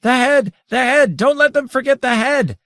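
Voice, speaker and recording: A man voicing a frenzied male figure who shouts high and loud in prophetic fervor, in a storybook reading. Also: normal speed, dry recording, studio quality.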